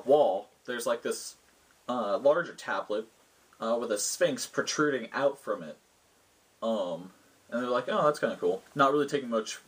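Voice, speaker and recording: A game master and host recounts a tabletop session he ran, storytelling casually and rambling through lots of fillers. His mid-range voice has a breathy edge, and the recording sounds rough.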